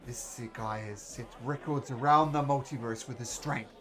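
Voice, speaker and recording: A man voicing a sly male circus co-host who hypes the act in a low, hushed patter. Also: moderate pace, close to an everyday voice. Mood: hyping.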